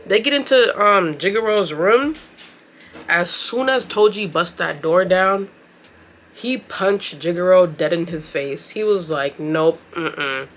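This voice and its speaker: Woman vlogger, bright and forceful tone, casual slangy recap talk over a makeup session. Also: fairly low pitch, measured pace, a little hiss or hum. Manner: chatty, slangy, expressive. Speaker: beauty and anime vlogger. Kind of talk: casual recap commentary while doing makeup.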